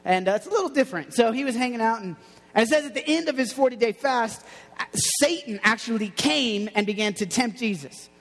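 A man's voice: very high voice, animated, fairly quick, a bit bright. A man preaching a casual, playful sermon to young people, telling stories and acting out what people say. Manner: playful, storytelling, acts out quotes. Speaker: youth pastor. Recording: long hall reverb.

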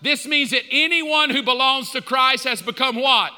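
A man preaching a sermon in a church, lively and conversational, acting out back-and-forth dialogue with God. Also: very high voice, normal speed, big-room sound, a little hiss or hum. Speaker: pastor. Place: church sanctuary.

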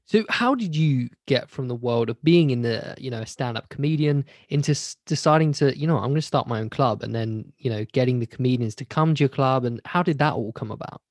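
A man of ordinary pitch hosts the conversation, recorded dry and close. He asks long, halting questions, stumbling and filling gaps with ums as he goes. His tone is plain and conversational. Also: animated, no room sound. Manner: halting, rambling questions with many fillers. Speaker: interview host.

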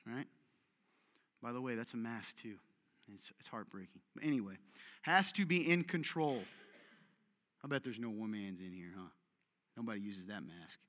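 Guy preaching, bright forceful voice, acts out little voices, lots of hall echo. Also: mid-range voice, moderate pace, pauses often. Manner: conversational, acts out quoted voices, jokes with the audience. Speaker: pastor. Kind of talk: sermon. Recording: long hall reverb.

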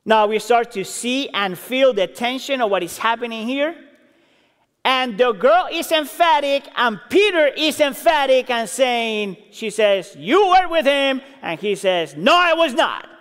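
High-voiced man preaching in a hall. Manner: expressive, acts out quotes, builds intensity then drops low. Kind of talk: sermon. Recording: reverberant hall.

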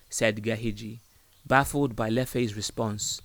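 A man narrating a story in a calm, even storytelling manner. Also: mid-range voice, moderate pace, no room sound.

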